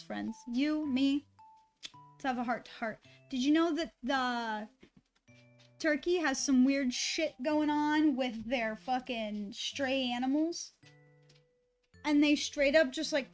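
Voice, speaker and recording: A woman streamer chatting casually and rambling, swearing freely and talking to her dog between thoughts. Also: high voice.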